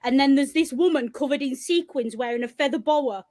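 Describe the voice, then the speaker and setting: A woman with a Yorkshire accent, co-hosting a casual podcast chat, lively and blunt, laughing often and swearing freely. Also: high-pitched, a little fast, no room sound. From Northern England. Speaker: podcast co-host.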